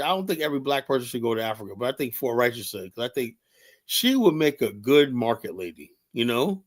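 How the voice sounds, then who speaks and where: A man's voice: mid-range voice, very animated, brisk. A man hosting a livestream show, talking bluntly and rambling, with lots of "you know". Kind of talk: casual livestream commentary.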